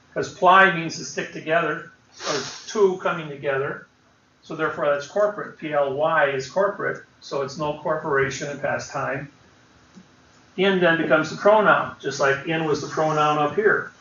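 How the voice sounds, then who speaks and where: Bright-voiced man lecturing in an echoey room. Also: a little high, slight background noise. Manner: emphatic, explains word by word. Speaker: seminar lecturer. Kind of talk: classroom lecture. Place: seminar room. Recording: roomy, distant, dull lo-fi seminar recording.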